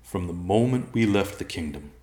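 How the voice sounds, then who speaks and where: A man voicing a wounded old male bear who speaks slowly and calmly as a stern father. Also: fairly low pitch, roomy sound, voice pushed up, close to an everyday voice. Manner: slow, calm, commanding.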